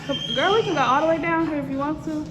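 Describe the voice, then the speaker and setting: A woman's voice: sits high, fast talker. A woman filming a casual family vlog while walking around a public attraction, teasing and laughing as she talks to the camera. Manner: playful, teasing, laughs often. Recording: noisy handheld phone audio.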